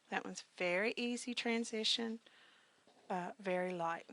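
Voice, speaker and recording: A woman's voice: mid-range voice, unhurried, fairly bright tone. A woman teaching business communications in a recorded grammar lecture, talking conversationally with frequent fillers and punchy emphatic asides.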